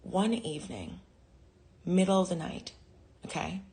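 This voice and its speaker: Lower-voiced woman doing dry stand-up. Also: very animated, measured pace, warm tone, slight background noise. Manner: dry, self-mocking asides. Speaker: comedy show host. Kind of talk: stand-up monologue.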